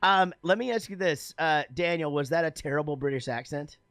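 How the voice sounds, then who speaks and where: A man hosting a casual podcast chat, animated and laughing often, swearing freely. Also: fairly quick, no room sound, clean studio sound. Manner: animated, swearing, laughing, lively pitch swings. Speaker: podcast host.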